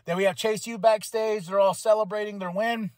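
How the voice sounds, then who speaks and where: High-voiced chatty man recapping wrestling. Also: steady tone, darkish tone, no echo, studio quality. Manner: chatty, acts out wrestlers' lines in quick voices. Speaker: podcast host. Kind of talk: casual wrestling show recap.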